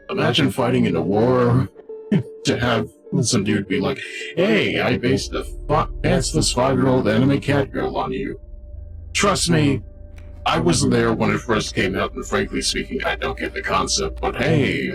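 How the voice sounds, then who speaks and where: Rambling male streamer over game music. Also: mid-range voice. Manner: rambling, jokey, talks to chat. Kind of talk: casual game commentary with chat.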